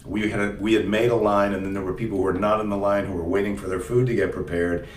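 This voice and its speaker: A man's voice: on the low side, fairly even intonation, fast talker, a little hiss or hum. A man chatting casually to viewers in a rambling, jokey way, often breaking off mid-sentence. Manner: rambling, jokey, self-interrupting. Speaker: comedian doing a daily live stream. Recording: roomy sound, mic at a distance.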